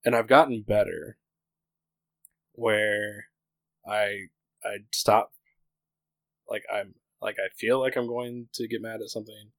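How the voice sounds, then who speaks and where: A man in his thirties talks in a rambling, candid way, filling his sentences with "like." His voice sits a little low. The sound is dry and close, with no room around it. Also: fairly even intonation, slow pace, long pauses, no echo, poor audio. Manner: rambling, many "like" fillers, candid. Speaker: podcast co-host. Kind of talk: casual chat.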